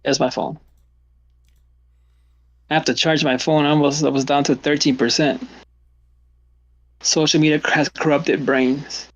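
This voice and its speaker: A man's voice: on the high side, level tone, unhurried, long pauses. A middle-aged man hosting a stream, chatting casually and rambling, repeating words as he goes. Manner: rambling, repeats words, quotes people in exclaiming voices. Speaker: stream host. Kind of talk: casual chat. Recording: dull lo-fi stream audio.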